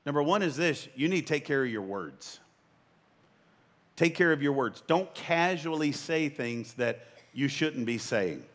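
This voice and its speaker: A man in his fifties preaching a sermon as pastor. He is emphatic and conversational, makes joking asides, and his voice jumps up in sudden excited bursts. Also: fairly high pitch. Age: 50s.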